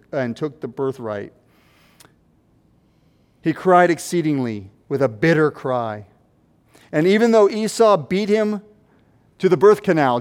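A man preaching an expository sermon, swinging from loud, acted-out quotes to hushed asides. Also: fairly high pitch. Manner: acts out quoted voices.

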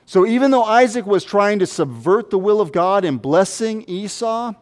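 A man preaching an expository sermon, swinging from loud, acted-out quotes to hushed asides. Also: sits high. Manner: acts out quoted voices.

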